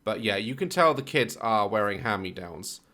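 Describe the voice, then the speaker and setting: A man's voice: on the low side, lively intonation, moderate pace, pushed and bright. A man hosting a reaction video, talking casually from his home office and firing off sarcastic, joking asides.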